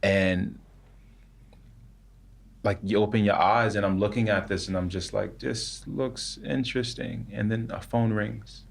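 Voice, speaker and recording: A young man with a very low, deep voice tells a story as a podcast guest. He speaks casually and haltingly. He keeps restarting his sentences and filling them with "like". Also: little pitch movement, vocal fry. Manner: halting, full of "like" and repeated words.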